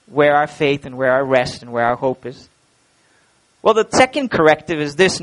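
High-voiced emphatic male preacher. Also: fairly bright tone, rough recording. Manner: emphatic, rhetorical questions, repeats words. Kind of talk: sermon.

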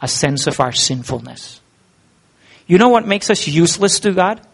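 A man's voice: fairly high pitch, expressive, moderate pace, vocal fry, husky. A man preaching a sermon in an earnest, conversational way, asking the listeners rhetorical questions.

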